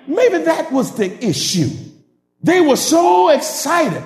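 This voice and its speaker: A man preaching a sermon to a congregation, calling out to them with laughing asides and building to shouted, sing-song climaxes. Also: very high-pitched, wildly swooping pitch, unhurried. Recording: echoey hall from a distance.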